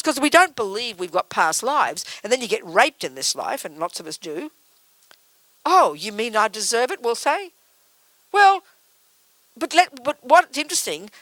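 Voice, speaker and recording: A woman's voice: a little high, fairly bright tone, dry recording, low-quality recording. A woman Buddhist teacher giving a public talk before a live audience, blunt and emphatic with teasing asides.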